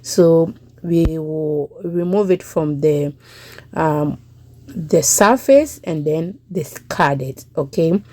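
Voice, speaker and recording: A woman's voice: sits low, takes it slowly, darkish tone, no room sound. A young Ghanaian woman with a Ghanaian English accent, chatting through a cooking voice-over as a home cook and checking in with listeners.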